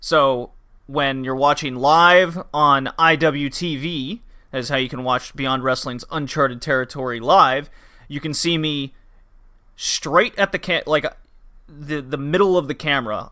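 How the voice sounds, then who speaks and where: Young male podcast host, upbeat and bright, rambling casual chat. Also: medium pitch. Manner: chatty, quick, loose with asides and laughs.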